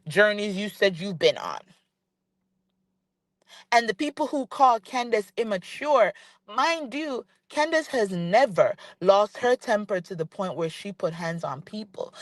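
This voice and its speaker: A reality TV commentator delivers opinionated vlog commentary in a mid-range voice, ranting and addressing the person she's criticizing directly while repeating her points for emphasis. There's no echo.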